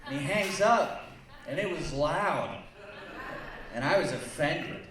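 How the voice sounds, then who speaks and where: Performing stand-up in a bar lounge, this comic and co-host speaks slowly in an animated, slightly high voice. His set is crude, rambling and full of self-mockery. The sound is echoey, with faint noise and a distant mic.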